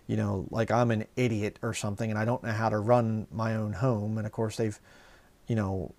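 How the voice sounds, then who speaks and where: Gravelly preacher telling a heated story. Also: male voice, mid-range voice, a little mellow. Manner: rambling storytelling with many fillers, rising to heated outbursts. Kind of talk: sermon.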